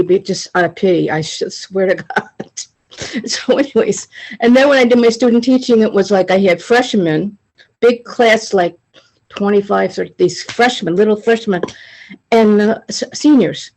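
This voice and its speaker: Halting, emotional woman on a video call. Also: mid-range voice, creaky, a little mellow, poor audio. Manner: halting, rambling, many restarts and "it's like"; emotional, confessional. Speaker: study group member sharing. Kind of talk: personal sharing on a group video call.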